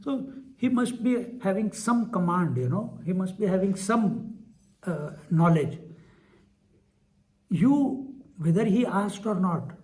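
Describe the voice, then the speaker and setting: A man with an Indian accent telling an anecdote in a spiritual discourse, animated and laughing often. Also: sits high, slow pace, pauses often. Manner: animated, laughing often, mixes in Hindi phrases. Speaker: spiritual teacher. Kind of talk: storytelling discourse.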